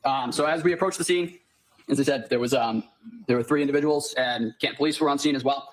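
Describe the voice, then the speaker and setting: Speaking in a medium pitch, a firefighter paramedic gives court testimony with polite, measured answers. The audio quality is poor.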